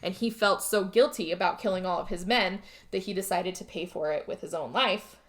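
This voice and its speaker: A woman's voice: lowish voice, a little fast. A woman hosting a podcast who casually recaps a movie plot, rambling, swearing and checking in with her listener. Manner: chatty, rambling, swears, keeps checking in with "okay?". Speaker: podcast host.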